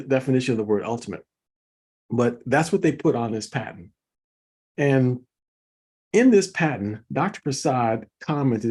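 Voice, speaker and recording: A man's voice: mid-range voice, a little mellow, breathy edge. A man hosting an informal online presentation, talking viewers through slides with enthusiasm, repeating words for emphasis and calling them folks. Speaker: host presenting product commentary.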